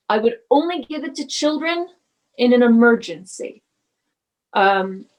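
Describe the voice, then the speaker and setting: A woman with a fairly high voice talks as a guest on a herbal interview. She is measured and hesitant, full of ums. She turns lively when recounting a family story. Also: rough recording. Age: adult parent of school-age son.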